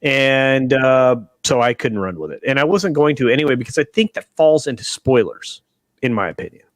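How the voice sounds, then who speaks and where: A man's voice: medium pitch, expressive, moderate pace, dry recording. Emphatic man ranting on a livestream. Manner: emphatic, rambling, insistent. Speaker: show host. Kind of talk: casual livestream chat. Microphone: video call webcam.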